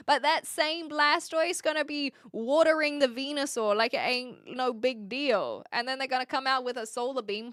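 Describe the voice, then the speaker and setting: A woman's voice: sits high, moderate pace, hardly any pauses, fairly bright tone, no echo, studio quality. A woman streamer chatting casually and reading viewer comments aloud, giggly and joking. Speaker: livestreamer.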